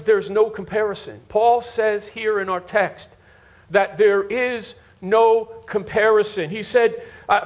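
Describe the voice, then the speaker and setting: A pastor preaching a sermon to a live congregation, repeating words for emphasis and asking the listeners directly if they follow him. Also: male voice, high-pitched. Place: church before a live congregation.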